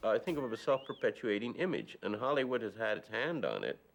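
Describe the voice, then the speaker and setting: A man with a very deep, gravelly voice speaks bluntly in an interview. His pitch moves about in a lively way as he drives his points home. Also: brisk, faint music behind. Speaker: interviewee, commentator. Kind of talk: documentary interview.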